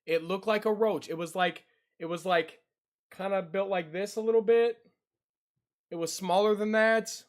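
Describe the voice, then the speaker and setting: A man's voice: high-pitched, fairly even intonation, moderate pace. A young man streaming from his computer at home, giving jumpy reaction commentary, easily startled and given to yelps and shrieks.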